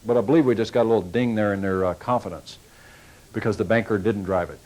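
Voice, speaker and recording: A man's voice: lowish voice, fairly even intonation, quick pace, darkish tone, low-quality recording. A man giving a sales training talk to car salespeople, folksy and coaching, acting out little customer exchanges as he goes.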